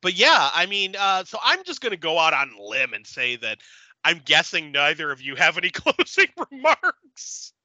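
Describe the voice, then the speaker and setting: A man's voice: on the high side, wildly swooping pitch, moderate pace, pushed and bright, no echo, dull audio. A man hosting a casual podcast, recapping a movie with profanity and acting out the characters' lines. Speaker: podcast host.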